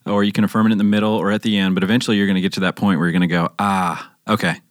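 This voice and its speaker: Man, host, quick speech, lowish voice, dry recording. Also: fairly even intonation, dry recording. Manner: fast, conversational, asks follow-ups. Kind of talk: casual podcast interview.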